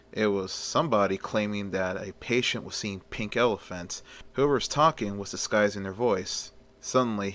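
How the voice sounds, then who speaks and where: A man's voice: on the low side, sharp tone. A man casually retelling a film story as a fan version, rambling and conversational, with many "well"s and "he's like"s.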